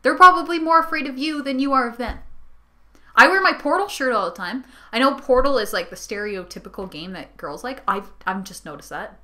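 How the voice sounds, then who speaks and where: A woman's voice: sits high, expressive, fairly quick, bright, forceful tone. A young woman ranting casually to her camera, rambling and giggly with sarcastic asides, tired from a sleepless night. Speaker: vlogger. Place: her bedroom.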